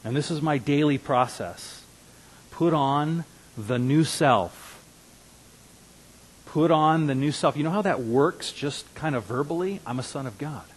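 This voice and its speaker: A husky, slightly breathy man in his fifties delivers a sermon as a pastor. He speaks earnestly, sinking into quiet, confiding asides and then climbing into strong, emphatic declarations. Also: a little high, normal speed, few pauses, low-quality recording. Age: 50s.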